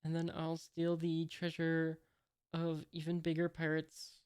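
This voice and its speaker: A woman reading a brash young female thief navigator's lines aloud, with little put-on voice, keeping her own low, flat delivery. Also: unhurried, clear, resonant tone.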